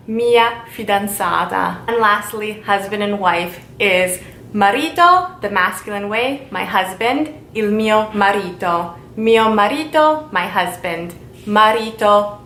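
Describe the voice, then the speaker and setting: A woman teaching a language lesson, speaking slowly and repeating each word for learners to follow. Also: mid-range voice, fairly bright tone, reverberant, slight background noise. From Italian heritage. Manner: slow, repeats words for learners.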